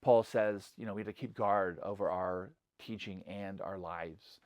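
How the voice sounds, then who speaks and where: A man's voice: sits low, steady tone, measured pace, no echo, highs cut off. A middle-aged man, a pastor, talking casually to camera in a loose, conversational way full of "like" and "you know," earnest about passion and conviction. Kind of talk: casual spoken reflection to camera.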